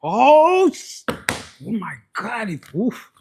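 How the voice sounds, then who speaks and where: A man's voice: very high-pitched, wildly swooping pitch, extremely slow, a little hiss or hum. A man giving a raunchy, joking live tarot reading, slipping in Spanish. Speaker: tarot reader.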